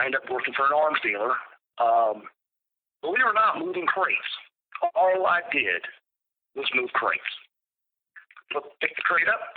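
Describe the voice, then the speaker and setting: Blunt man on a phone line. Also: mid-range voice. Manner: blunt and profane, with halting restarts. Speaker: interview guest. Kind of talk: recounting a personal story in an interview.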